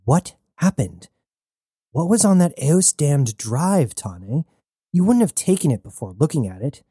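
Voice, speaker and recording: A man voicing a fierce young woman rebel on a starship, blunt and profane, in a mellow voice. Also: a little high, very animated, a little slow, breathy edge, no room sound, clean studio sound, pitched above the performer's own voice, full character voice. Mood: angry.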